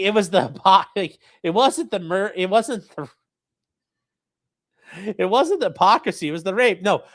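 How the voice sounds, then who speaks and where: A man's voice: high-pitched, a bit bright. A man hosting a livestream, reading from a statement and mocking it with profane, sneering commentary. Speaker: livestream host.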